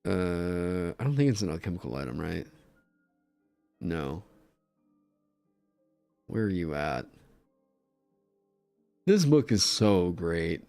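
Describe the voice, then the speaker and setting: Man streaming, excitable, swears a lot, faint music behind. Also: sits low, slow, creaky, pauses often. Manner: excitable, laughing, swears freely. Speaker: streamer designing game content. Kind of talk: casual livestream chat.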